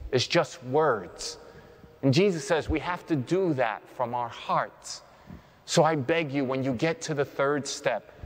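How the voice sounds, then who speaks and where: Preacher, male, mid-pitched, unhurried guided-prayer delivery, long church reverb. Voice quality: slow, gentle and deliberate, dropping low and soft on key phrases.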